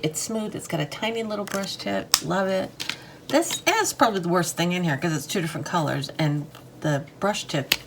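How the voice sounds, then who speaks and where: Heavy background noise surrounds this deep, creaky-voiced woman from the United States as she draws and colors. Her art-supply vlog is casual chat, meandering, unsure, and quick to poke fun at herself.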